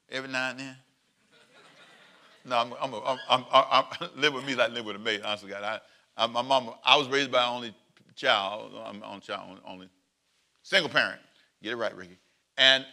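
A man preaching a sermon as pastor, animated and joking, drawing the congregation into call and response. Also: medium pitch, gravelly. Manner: animated, plays out quoted voices and jokes with the congregation.

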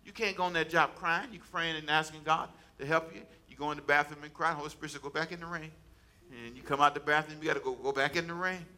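Speaking fast with few pauses, this man has a slightly high, steady, sharp voice. He preaches as a pastor in a homey, colloquial way, repeating lines for emphasis and prompting his congregation to call back.

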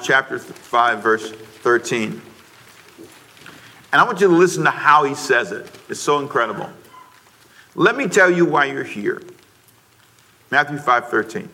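Bright-voiced man preaching emphatically. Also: mid-range voice. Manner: emphatic preaching with repetition and call-and-response prompts. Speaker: pastor. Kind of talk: sermon.

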